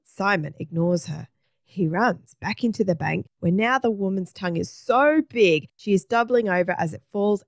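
A woman narrating a children's story aloud in a clear, even way. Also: lowish voice, dry recording, clean studio sound. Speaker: storybook reader.

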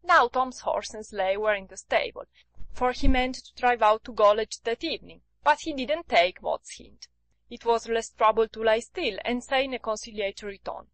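A woman narrating a classic novel audiobook in a steady storytelling read. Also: a little high, normal speed, no room sound, poor audio.

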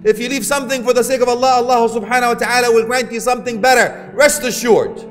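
A man's voice: extremely high pitch, fairly even intonation, quick pace, a bit bright. A man preaching an impassioned sermon, shifting his pace and quoting Arabic phrases. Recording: long hall reverb with faint music.

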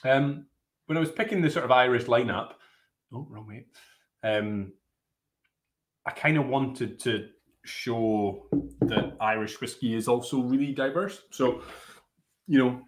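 A man hosting a whisky tasting, chatting casually with many fillers and restarts. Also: medium pitch. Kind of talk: casual live tasting chat. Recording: roomy echo.

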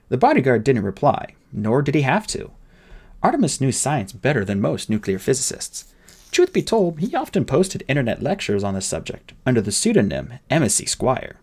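Man narrating an audiobook, lively pitch, gravelly, husky, dramatic reading.

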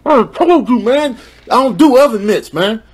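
A man's voice: very high voice, lively intonation, normal speed, husky, exaggerated voice. A man voicing an angry streetwise male cat in a comedic pet video, drawling and calling everyone "man". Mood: fed-up, threatening.

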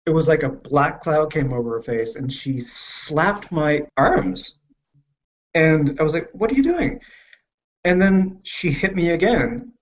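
A man telling a painful personal story frankly and candidly, swearing freely and often stopping and restarting as he talks. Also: fairly high pitch. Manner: frank, profane, halting and emotional. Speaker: podcast guest. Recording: muffled lo-fi podcast audio.

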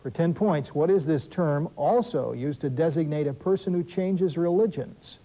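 A man hosting a school quiz show, reading questions briskly and adding wry asides and corrections for the teams. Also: a little high, dark tone, a little hiss or hum, poor audio. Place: television studio.

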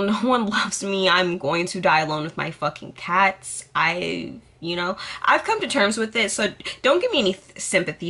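Sassy, bright-voiced young woman vlogger. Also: fairly low pitch. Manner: sassy, dramatic, swears freely. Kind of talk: casual get-to-know-me vlog.

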